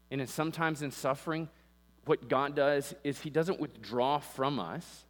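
A male pastor preaching with passion, rising and falling in force and acting out the voices he quotes, recorded in a church sanctuary on a pulpit microphone. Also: medium pitch. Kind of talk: sermon. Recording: long reverb with mains hum.

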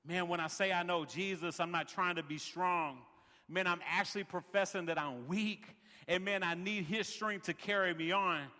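Man preaching, high voice, bright tone, rhythmic refrains, says "man" a lot, long hall reverb. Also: normal speed. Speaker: pastor. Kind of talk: sermon. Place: large worship center.

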